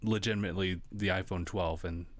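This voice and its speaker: A man's voice: low-pitched, fairly even intonation, brisk, no room sound. A young man hosting a podcast in casual chat, easygoing, with short hums and quips. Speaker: podcast host.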